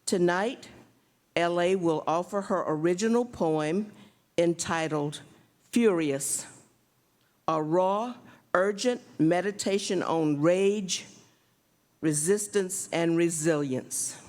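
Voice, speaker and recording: Woman, event host, lowish voice, slow measured reading. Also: a little mellow. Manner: measured, formal announcing. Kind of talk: reading an introduction.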